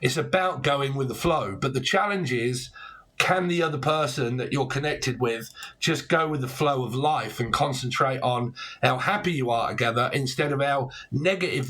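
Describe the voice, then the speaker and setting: A man's voice: mid-range voice, a bit bright. A man giving a casual tarot reading, talking bluntly and rambling, with plenty of swearing and slang. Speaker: tarot reader.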